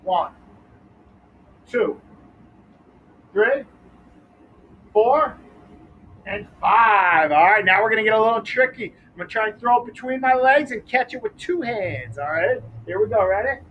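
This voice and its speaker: A young man with a high voice coaches children through a catching game outdoors at a school. He is upbeat and counts each catch aloud. Faint background noise sits under his voice. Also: unhurried, pauses often, lo-fi sound. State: out of breath. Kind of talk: teaching a backyard ball game to kids.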